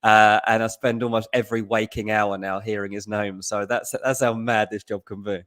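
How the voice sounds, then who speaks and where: A man talking as a guest on a football podcast. His voice sits on the low side, and he rambles in a friendly way, with quick asides and self-corrections. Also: flat delivery, a bit bright. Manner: chatty, quick asides, frequent fillers and restarts. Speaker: football transfer journalist guest. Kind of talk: casual podcast chat.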